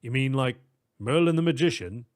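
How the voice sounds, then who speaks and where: A man's voice: medium pitch, lively intonation, moderate pace, clean tone, lightly acted. A man voicing a male bank manager who questions others with incredulity. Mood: questioning. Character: stern, curious middle-aged male bank manager.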